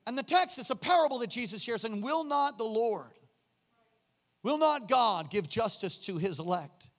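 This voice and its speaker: A man preaching a sermon with fervent passion, a sing-song cadence and swings from loud to hushed. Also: very high voice, expressive, moderate pace. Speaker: pastor. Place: church sanctuary. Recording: long reverb of a large hall.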